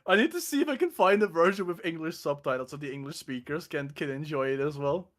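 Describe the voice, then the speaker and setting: A man's voice: fairly high pitch, animated, quick pace, a bit bright. A young Dutch man hosting a casual stream chat, laughing as he rambles through comedy scenes. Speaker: streamer host.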